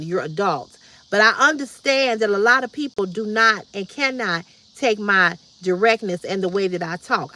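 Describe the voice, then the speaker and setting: Outspoken livestream host, woman in her fifties, direct and repetitive, bright forceful tone. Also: mid-range voice. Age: 50s. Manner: blunt, direct, preachy repetition. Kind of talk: casual livestream chat reading comments.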